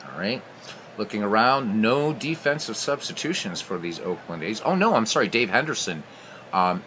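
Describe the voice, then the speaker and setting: A man hosting a baseball replay stream, calling the plays and chatting between pitches. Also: sharp tone, a little hiss or hum. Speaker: play-by-play host. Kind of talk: baseball game replay commentary.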